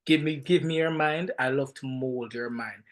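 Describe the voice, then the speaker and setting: A man with a Jamaican accent, a film director and podcast guest, telling stories in an animated, emphatic way and often repeating words. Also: mid-range voice, normal speed. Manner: animated, emphatic storytelling with frequent word repeats. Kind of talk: casual podcast interview.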